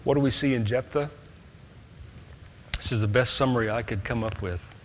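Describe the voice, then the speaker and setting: A male preacher delivers a sermon in a middle-pitched voice. His delivery is emphatic, rising to loud, stressed points and then dropping to quiet asides. A long reverb hangs behind him, as in a large church hall. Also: normal speed, a little hiss or hum.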